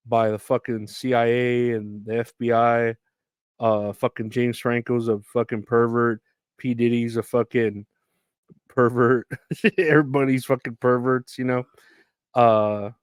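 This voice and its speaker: A man hosts his own podcast solo, rambling in a meandering, profane, self-deprecating monologue. His voice is mid-range, and the recording is clean with no echo.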